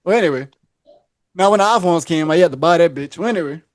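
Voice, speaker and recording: A man's voice: fairly high pitch, fast, no echo, studio quality. A man from Louisiana, a podcast co-host, telling a story in loose, slangy casual talk.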